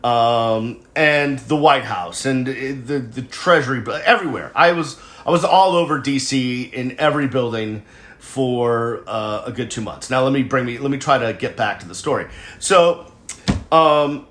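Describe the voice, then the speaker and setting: A man's voice: mid-range voice, measured pace, fairly bright tone, reverberant. Rambling, self-mocking man in his forties. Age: 40s. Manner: digressive, conversational, self-deprecating asides. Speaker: show host. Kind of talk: casual storytelling monologue.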